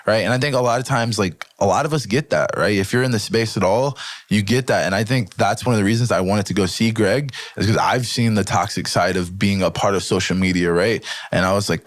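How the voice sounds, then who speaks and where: A young man as a podcast guest, talking in a casual, animated way and often checking in with "right?". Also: fairly low pitch, fairly quick, no echo, studio quality. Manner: animated storytelling with frequent swearing and "right?" check-ins.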